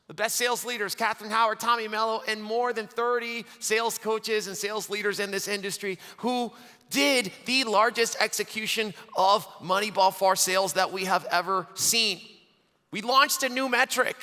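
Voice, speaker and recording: A high, bright-toned man delivers an excitable conference keynote from the stage. His voice rings with a forceful edge. Long reverb from a big hall trails every phrase. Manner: energetic, excitable, laughs often. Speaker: conference host giving closing remarks.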